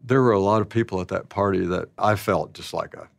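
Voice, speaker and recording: A man's voice: sits low, brisk, gravelly, no echo. A man in his sixties telling stories from his life in a rambling, folksy, self-deprecating way, full of "you know" asides. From American South. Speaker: actor telling his story. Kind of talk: reflective storytelling.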